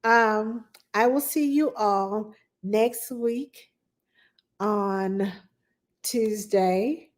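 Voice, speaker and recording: A woman's voice: medium pitch, very slow. A middle-aged woman, a nanny chatting casually to her live-stream viewers, rambling with many fillers.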